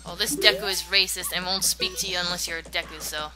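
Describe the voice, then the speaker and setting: A woman's voice: lowish voice, steady tone, quick pace. A woman casually narrating a video game playthrough, with joking, sarcastic asides over game music. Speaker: let's play host. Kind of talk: let's play commentary.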